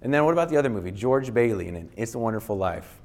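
A man's voice: on the low side, expressive, quick pace, darkish tone. A man giving a casual, conversational lecture to a live audience, with frequent restarts and playful bits where he acts out angry voices. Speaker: speaker teaching on anger.

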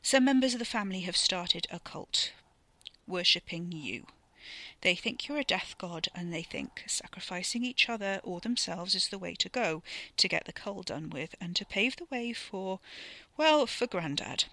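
A tense, sarcastic young man, as a woman reader puts him on, talking in halting bursts. The voice is bright and dry with no room around it. Now and then he drops to a whisper. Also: lowish voice, animated, no room sound, heavily acted.

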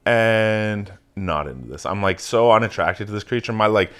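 A man hosting a casual chat, telling a long story in a swearing, animated way. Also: lowish voice, normal speed, clean tone. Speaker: podcast host.

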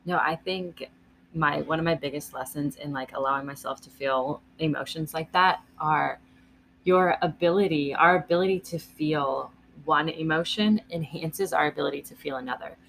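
Low, gravelly woman giving earnest advice. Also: moderate pace, a bit bright, a little hiss or hum. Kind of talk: casual chat.

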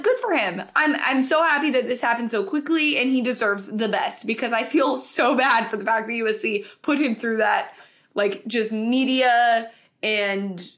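A woman co-hosting a casual sports talk show, animated and quick, with lots of "like" in her speech. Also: a little high. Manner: animated, quick asides, frequent "like". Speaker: podcast co-host.

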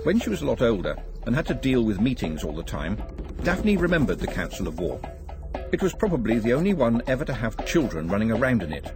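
A man reading an audiobook with expressive storytelling and dry wit, close to the microphone. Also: mid-range voice, a little fast, over music. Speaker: audiobook narrator. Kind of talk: scripted narration. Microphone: close studio mic.

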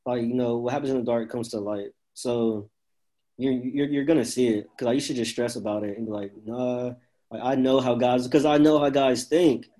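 Man, casual group talk, relaxed, slangy, loose restarts. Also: medium pitch, fairly quick. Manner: laid-back, rambling with restarts and slang.

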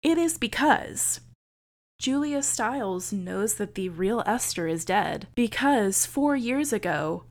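Woman podcast host, casual horror recap, chatty and profane, animated storyteller. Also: medium pitch, slow pace.

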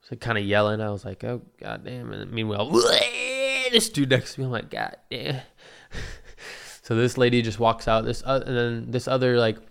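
A man's voice: mid-range voice, fairly even intonation, brisk, creaky, clear, resonant tone. A young man telling a rambling, profane story in a casual monologue, often laughing at his own asides.

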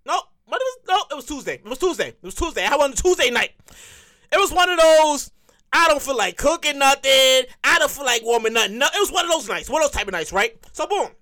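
A man runs a comedic podcast monologue in a high voice that jumps all over the place. His tone is bright and sharp. He keeps repeating himself and laughing at his own stories. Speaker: podcast host.

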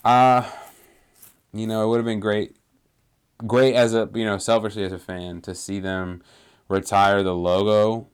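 A young man with a very low, smooth and resonant voice talks football on a casual podcast. He rambles in a laid-back way, leaning on fillers and restarts as he thinks aloud. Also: flat delivery, a little slow, pauses often. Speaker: podcast co-host, Commanders fan. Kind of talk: casual sports podcast chat.

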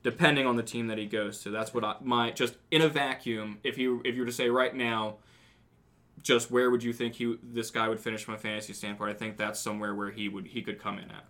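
A man's voice: medium pitch, level tone, brisk, a bit bright. A man hosting a casual sports podcast, talking things through in long, rambling runs with restarts. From not from the South. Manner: rambling, thinks aloud with restarts. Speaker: podcast host.

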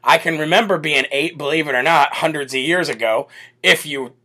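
Bright-voiced American man hosting a show. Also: a little high, brisk. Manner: upbeat, chatty shout-outs to viewers. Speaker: host. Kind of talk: live show reading viewer comments.

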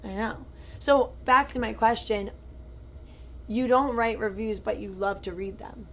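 A woman's voice: a little high, steady tone, unhurried. A woman in her twenties chatting casually as a podcast co-host, telling stories with lots of "like" fillers. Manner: chatty storytelling, full of "like" fillers. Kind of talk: casual chat.

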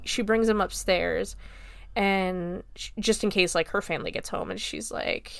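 A woman's voice: mid-range voice, fairly even intonation, a little slow, vocal fry. A woman in her late twenties recapping a film in a casual, chatty way, swearing freely, laughing often and filling her talk with "like.". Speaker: film reviewer.

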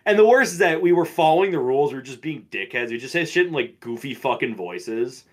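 A man's voice: mid-range voice, a little fast. A man in his twenties co-hosting a podcast, telling school stories in casual chat, swearing freely and acting out the people in them. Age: 20s. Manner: profane, animated, mimics people in stories. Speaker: podcast co-host.

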